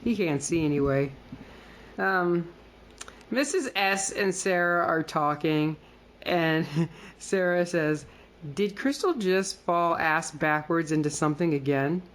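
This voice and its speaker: Recapping with a casual, filler-heavy chat, this woman co-hosts a podcast and quotes characters in a playful way. Her voice is fairly low and her delivery slow.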